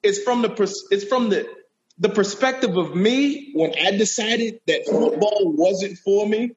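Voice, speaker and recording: A man hosting a casual chat, talking in animated slang and often saying bro. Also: sits high, measured pace, highs cut off.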